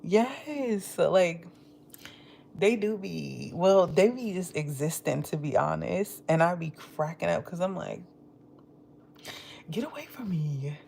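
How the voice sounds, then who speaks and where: A woman's voice: on the low side, measured pace, gravelly, a little mellow. A woman livestreaming from home, telling gossipy stories in casual chat, acting out quotes and laughing often. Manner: laughs often while talking. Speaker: livestream vlogger. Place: at home, eating.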